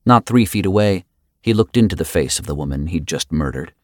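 A man narrating a fantasy story in a dramatic, expressive way. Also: low voice, brisk, no room sound, studio quality. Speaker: audiobook narrator. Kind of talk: scripted narration.

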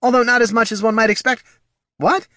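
A man's voice: extremely high pitch, fairly even intonation, brisk, a bit bright, no echo, studio quality, pitched above the performer's own voice. A man voicing a small, anxious male gnome businessman who stammers and rambles in panic. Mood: panicked.

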